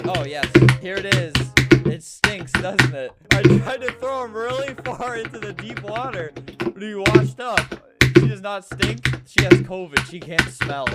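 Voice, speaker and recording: A young man in his twenties giving comedic gameplay commentary with dark, deadpan jokes and playful storytelling. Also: high-pitched. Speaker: gaming video creator. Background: loud background music.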